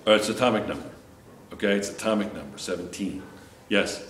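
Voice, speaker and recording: A man's voice: deep voice, a little fast, fairly bright tone. Joking male chemistry teacher, echoey classroom. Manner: joking, teasing students. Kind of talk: classroom lecture. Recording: echoey classroom with faint background noise.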